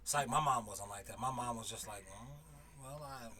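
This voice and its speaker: A man's voice: lowish voice, fast, crowd noise. A man co-hosting a casual comedic chat, telling jokes and stories. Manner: animated, joking storytelling. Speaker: co-host.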